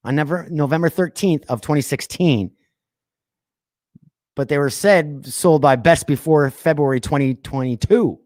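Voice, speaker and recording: A man hosting a podcast, reading odd news stories aloud and breaking off into sarcastic asides, laughs and deliberate quiet pauses. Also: a little high, no echo, studio quality. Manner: reads news items then riffs with sarcastic asides and laughs; drops to quiet voice for dramatic pauses. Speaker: podcast host. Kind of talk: casual news commentary.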